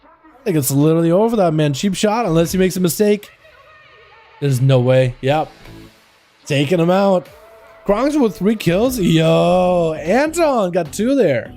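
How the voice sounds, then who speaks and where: A man commentates game duels on a live stream, chatty and excitable as he reacts to the play and greets his chat. His voice sits high but has a mellow, unforced tone. Faint music plays underneath. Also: a little slow.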